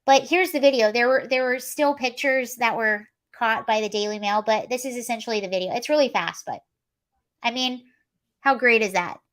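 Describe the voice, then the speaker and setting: Woman host, slightly high-pitched, animated casual livestream commentary. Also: moderate pace. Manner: chatty, animated, reads chat comments aloud. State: allergies, coughing and sneezy.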